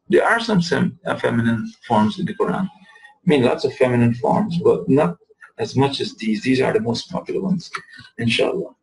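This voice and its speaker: A man teaching an Arabic lesson, patiently repeating words slowly to show how the sounds are made. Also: mid-range voice, vocal fry, a little mellow, poor audio. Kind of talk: recorded lesson.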